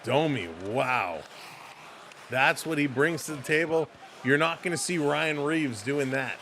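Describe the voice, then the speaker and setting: Excited man calling hockey play-by-play. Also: a little high, a little hiss or hum. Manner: rapid play calls, shouts on goals, greets chat viewers. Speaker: play-by-play commentator and watch-along host. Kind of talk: live play-by-play commentary with chat replies.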